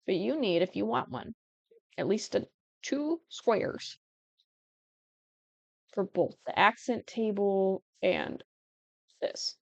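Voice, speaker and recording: A young woman who makes Sims building tutorials gives casual, chatty commentary as she builds, often breaking off mid-thought and giggling. Her mid-range voice is expressive, slow and gravelly, with a darkish tone and frequent pauses, on a lo-fi recording with no echo.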